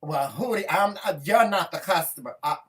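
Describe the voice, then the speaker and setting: A man's voice: high-pitched, expressive, normal speed, distant mic, slight background noise. A man co-hosting a talk show, telling heated stories brashly and cursing a lot. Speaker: co-host. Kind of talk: casual chat.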